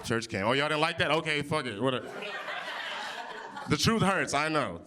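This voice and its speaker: A young man from Oklahoma doing improvised stand-up on a small stage, pitched a little high. He jokes loudly and brashly, swears freely, and teases the crowd for topics. His delivery stays playful and punchy. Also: lively intonation, moderate pace, background noise. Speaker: stand-up comedian. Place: winery comedy stage before a live audience.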